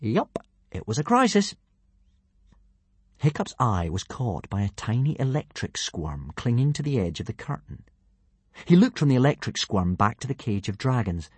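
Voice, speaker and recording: A man narrating a children's adventure story in a playful, lively manner. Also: mid-range voice, moderate pace, breathy edge, no room sound. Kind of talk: audiobook narration.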